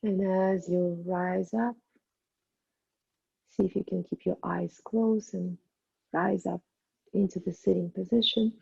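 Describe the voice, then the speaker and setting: Husky woman guiding yoga softly. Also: on the low side, steady tone, no room sound, highs cut off. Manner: soft, slow guiding instructions. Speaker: yoga teacher. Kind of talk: guided yoga cool-down.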